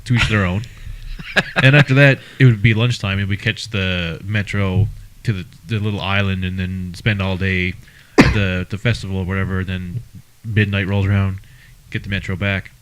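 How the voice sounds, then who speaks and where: A man's voice: low-pitched, steady tone, normal speed, a bit bright. A man co-hosting a podcast in casual chat, rambling and joking, with frequent "like". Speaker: podcast co-host.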